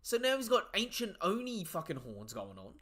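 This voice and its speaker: A man's voice: high voice, normal speed. Hyped up guy reacting live, swearing a lot, voice bouncing all over. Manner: excitable, swears freely; reads the panels aloud as he goes. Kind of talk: casual live reaction commentary.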